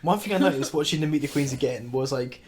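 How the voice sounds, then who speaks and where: A man hosting a casual chat, talking in a relaxed, giggly way with lots of fillers. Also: medium pitch, fast talker, slight background noise. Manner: chatty, giggly, with many fillers. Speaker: host.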